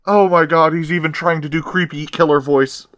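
A man giving casual watch-along commentary on a film, exasperated and yelling insults at the screen. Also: on the high side, steady tone, normal speed, no echo, studio quality. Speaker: co-host reacting to a film.

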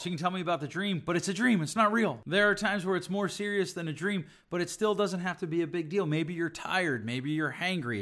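A man's voice: on the high side, a bit bright. A middle-aged man hosting a podcast, teaching on relationships in an emphatic way, building his points through repeated lists and rhetorical questions. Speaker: podcast host, relationship speaker.

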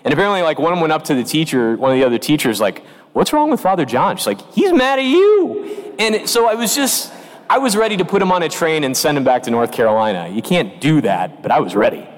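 A man preaching a homily as parish priest, telling stories with animated quoted voices, recorded in a church. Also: mid-range voice, fast. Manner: storytelling with lively quoted voices. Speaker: pastor. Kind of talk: sermon. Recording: long reverb of a church.

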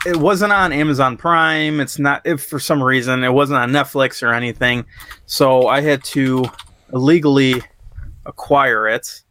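A man's voice: medium pitch, fairly bright tone. A man casually recapping a movie on a podcast, rambling and profane, laughing at his own story and acting out lines. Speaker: podcast co-host reviewing a movie. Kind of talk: casual chat.

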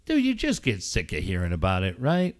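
A man's voice: low-pitched, wildly swooping pitch, brisk. A man, a sports radio host, joking and ribbing his co-host in casual podcast banter, swearing freely. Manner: joking, mock-emotional, profane.

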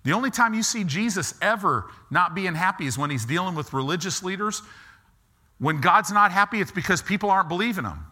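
A middle-aged man preaching a sermon, animated and acting out quick asides as he talks. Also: high voice. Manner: animated, acts out God and people in quick asides.

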